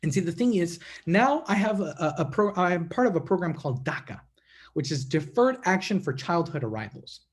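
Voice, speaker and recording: Speaking at normal speed in a voice that sits high, a man delivers a guest speech to a congregation. He addresses them as friends and brings his stories to life with animation.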